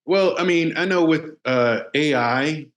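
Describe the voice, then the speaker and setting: Measured male guest in a roomy room. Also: on the high side. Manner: measured, advising, with fillers. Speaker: podcast guest, security veteran. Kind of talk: casual interview chat. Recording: roomy echo.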